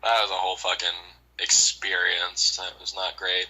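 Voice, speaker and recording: A young man chats casually, with a husky, edgy voice that sits a little low. He tells long, rambling stories thick with swearing and filler words. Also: flat delivery, moderate pace, pushed and bright, low-quality recording. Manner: rambling, profane storytelling with many fillers. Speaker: storyteller on a call show. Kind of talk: casual chat.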